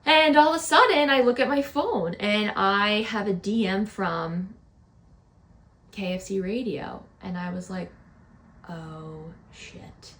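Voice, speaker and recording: A woman's voice: mid-range voice, a little slow, a bit bright. A young adult woman hosting a podcast, telling a rambling story in a casual, chatty way with many fillers, sometimes dropping into a whisper. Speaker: podcast host.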